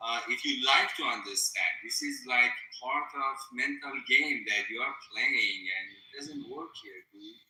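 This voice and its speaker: A man's voice: medium pitch, measured pace, hardly any pauses, sharp tone, reverberant, low-quality recording. Angry cursing man with a Persian accent. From Iran. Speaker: debate participant. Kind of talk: heated online debate.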